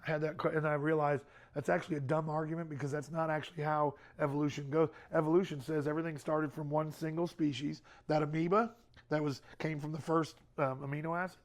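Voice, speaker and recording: A man's voice: fairly high pitch, little pitch movement, quick pace. A middle-aged man speaking to a youth group in a casual, conversational way, often repeating words and using fillers.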